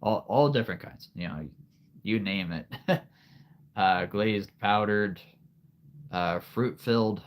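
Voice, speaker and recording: A man's voice: fairly low pitch, slow pace, pauses often. A man hosting a casual livestream, rambling to his viewers with many fillers and frequent laughs. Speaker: livestream host.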